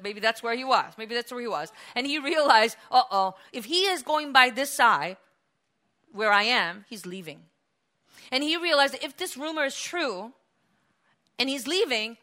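A woman preaching a sermon, telling a story with acted cries and shifts between loud calls and hushed passages. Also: high-pitched.

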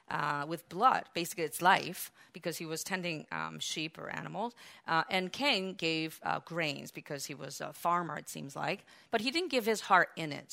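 A woman preaching a sermon, acting out the quoted biblical figures with lively, raised delivery. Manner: animated, acts out biblical quotes with raised pitch and volume.

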